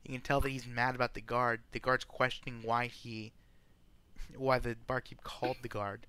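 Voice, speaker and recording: A man narrating as game master in an online tabletop game, talking in halting bits with many restarts. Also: medium pitch, level tone, fairly bright tone, slight background noise.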